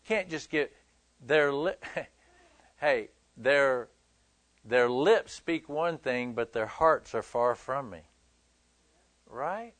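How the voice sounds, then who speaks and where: A man's voice: mid-range voice, expressive, slow pace, long pauses, a bit bright, no room sound. A male pastor preaching a sermon in a conversational, emphatic way, joking with his listeners.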